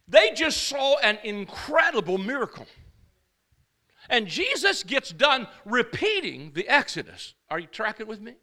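A man preaching a sermon to a church congregation. He exhorts the crowd with call-and-response, moves between shouting and quiet storytelling, and wanders into asides. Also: very high-pitched, very animated, measured pace. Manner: rambling asides, acts out quoted speakers.

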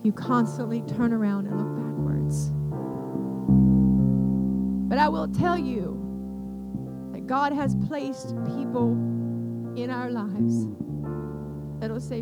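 A woman's voice: fairly high pitch, takes it slowly, pauses often. An older woman preaching a sermon, telling stories with passion and acting out the quoted lines. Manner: impassioned, storytelling with acted quotes. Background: piano music.

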